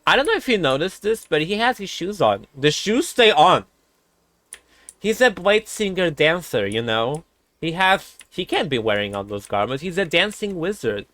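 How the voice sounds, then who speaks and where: A man streaming a video game, chatting casually and excitably, cooing fondly at animals and laughing often. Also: on the high side, moderate pace, dry recording. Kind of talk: casual gameplay commentary.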